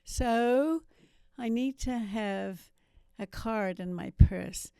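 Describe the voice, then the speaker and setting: A woman's voice: medium pitch, takes it slowly, vocal fry, dark tone, clean tone, dry recording. A woman in her seventies from New Zealand, with a faint New Zealand accent, telling her life story as an interview guest with self-mocking asides. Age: 70s. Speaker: guest missionary. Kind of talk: testimony interview.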